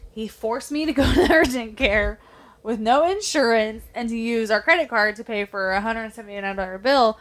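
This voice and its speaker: A young woman co-hosting a podcast, chatting casually, blunt and quick to swear and laugh. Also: fairly high pitch, fairly bright tone. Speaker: podcast co-host. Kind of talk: casual chat.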